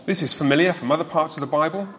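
A man's voice: fairly high pitch, very fast, a bit bright, slight background noise. Emphatic man preaching a sermon. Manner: emphatic teaching, quizzes listeners.

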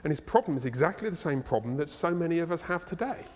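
A man preaching a sermon as pastor, animated and playful as he tells the story. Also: a little high, fast talker, few pauses. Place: church hall, live congregation. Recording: long reverb of a church hall.

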